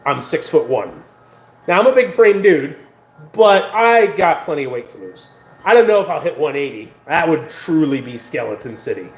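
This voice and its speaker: An American man talking to the camera in a casual vlog, rambling and animated, with many fillers and restarts. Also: on the high side, roomy sound. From United States. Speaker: vlogger.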